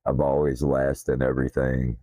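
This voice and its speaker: A man with a Southern drawl, a streamer talking casually in a blunt, profane, self-deprecating way, his deep voice slightly slurred from missing teeth. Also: flat delivery, normal speed, mellow, no room sound. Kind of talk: casual rambling stream talk. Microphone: desktop streaming mic.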